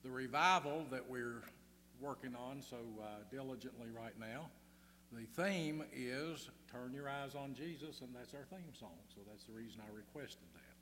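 A man's voice: medium pitch, normal speed, bright, forceful tone. Easygoing guy rambling through a funny talk, echoey hall, little hum behind. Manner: easygoing, rambling, many "uh" fillers. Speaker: guest speaker at a church gathering. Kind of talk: folksy humorous speech with tall tales.

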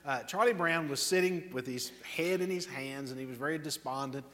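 A man's voice: medium pitch, fairly quick. Man, pastor, earnest sermon delivery, medium voice, long church reverb. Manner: warm earnest preaching, hushed in prayer. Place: church sanctuary.

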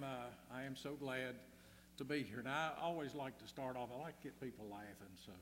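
A man's voice: mid-range voice, fairly bright tone, big-room sound, slight background noise. A man giving a folksy, humorous talk to a gathering as guest speaker, easygoing and rambling with many fillers. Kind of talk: folksy humorous speech with tall tales.

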